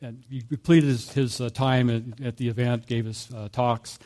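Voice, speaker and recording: Man, pastor, warm tone, conversational sermon, chuckles and fillers. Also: medium pitch, little pitch movement, moderate pace. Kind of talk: sermon storytelling.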